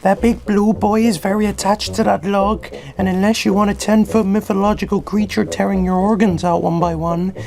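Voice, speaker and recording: A man voicing a fussy, bossy male zombie toy in a homemade plush video, with a high gravelly voice and blustering threats. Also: level tone, moderate pace, hardly any pauses, darkish tone.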